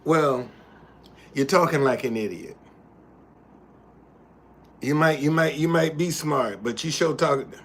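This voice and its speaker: A man's voice: on the high side, unhurried, long pauses. Heated man scolding a chat. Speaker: livestream host. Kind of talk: casual livestream talk.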